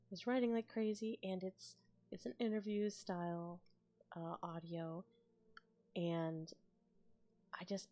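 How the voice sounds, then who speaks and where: A woman chatting casually on a stream as an ASMR creator, thinking aloud and rambling. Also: medium pitch. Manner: rambling, thinks aloud with restarts and soft laughs. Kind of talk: casual live-stream chat.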